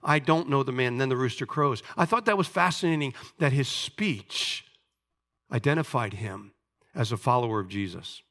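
A man delivering a sermon as pastor, earnest, rising to emphasis and dropping to soft asides. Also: medium pitch, lively intonation, moderate pace, gravelly.

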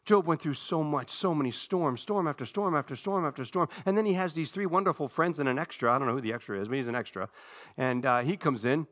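A male pastor preaching with a fervent, dynamic delivery, moving between hushed stretches and loud, rising passages. His voice is somewhat high for a man, and it has a bright, forceful edge. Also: quick pace. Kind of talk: sermon.

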